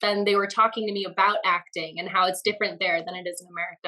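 A woman guest on a podcast telling stories in a lively, chatty way and laughing often. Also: on the low side, fast talker, rough recording. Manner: animated storyteller, laughs often. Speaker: guest actress. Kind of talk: casual podcast interview.

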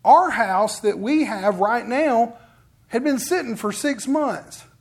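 A man's voice: very high-pitched, expressive, slow, creaky. A man preaching a sermon in a conversational storytelling way, acting out what other people say. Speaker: pastor.

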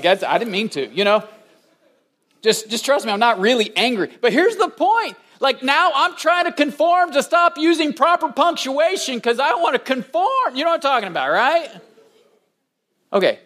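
A middle-aged man preaching a sermon, telling stories with animated delivery and acting out the voices of people he quotes, slowing down to stress key lines. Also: sits high. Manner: slows down for emphasis on key lines. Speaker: pastor.

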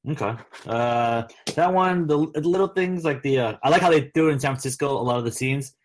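A man co-hosting a casual chat, talking in a relaxed, rambling way with many fillers. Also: mid-range voice, a little fast, slight background noise. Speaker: podcast co-host.

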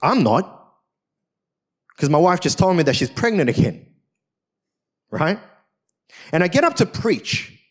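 A man's voice: high voice, very animated, moderate pace, long pauses. A man, a senior pastor at a church service, preaching a personal story in a conversational, self-mocking way with frequent tag questions.

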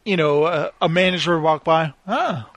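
A man's voice: on the high side, a little fast, dry recording. A man telling stories in a casual chat, laughing often as he goes. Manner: laughs often, animated retelling.

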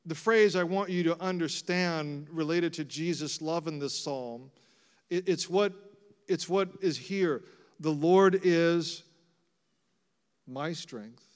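A middle-aged man preaches to his congregation in a fairly high voice, swinging from ringing proclamation down to hushed intimacy. His sermon carries a long reverb from the sanctuary. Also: unhurried, clear, resonant tone. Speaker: pastor. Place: church sanctuary.

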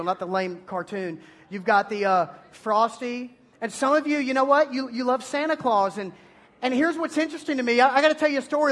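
A man preaches to a room of teenagers, his voice sitting very high for a man. He tells stories playfully and breaks into loud bursts. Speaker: high school youth pastor. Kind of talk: energetic youth sermon.

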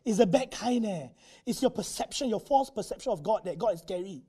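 High husky male preacher. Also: lively intonation, fairly quick, warm tone. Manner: conversational, acts out quotes, tag particles. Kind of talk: sermon.

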